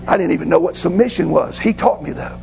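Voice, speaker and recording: Gravelly preacher telling stories. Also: male voice, a little high, fast talker, faint music behind, low-quality recording. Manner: folksy, excitable, colloquial. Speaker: pastor. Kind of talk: sermon storytelling.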